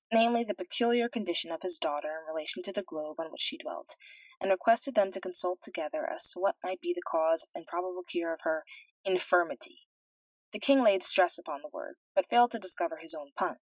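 A woman narrating a fairy tale in an even, measured reading, recorded a little off-mic. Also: mid-range voice, dry recording, far from the mic, poor audio. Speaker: audiobook reader. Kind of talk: storybook narration.

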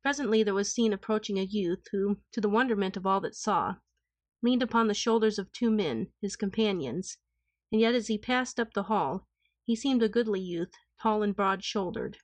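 A woman reading an old tale aloud in a calm, even, formal way. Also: medium pitch, moderate pace, dry recording. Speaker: audiobook narrator. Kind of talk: scripted storybook narration.

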